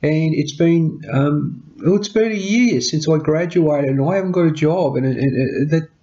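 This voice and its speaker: A man's voice: a little high, normal speed, dark tone. A passionate young Australian man with a stammering, heartfelt way of talking, telling his own story in a personal vlog. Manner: passionate, stammering, tearful at times. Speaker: vlogger. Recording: dull lo-fi sound.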